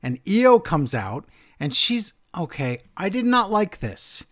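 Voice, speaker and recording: A man hosting a wrestling podcast, recapping the show in an animated way and acting out quotes. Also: high-pitched, slow pace. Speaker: podcast host. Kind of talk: casual chat recapping wrestling.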